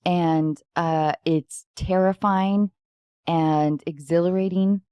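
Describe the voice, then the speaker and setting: A woman's voice: lowish voice, steady tone, slow pace, warm tone, smooth, no echo, clean studio sound. Chatty, playful woman podcast host. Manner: chatty, playful, rambling with frequent laughs. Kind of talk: casual chat. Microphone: close podcast microphone.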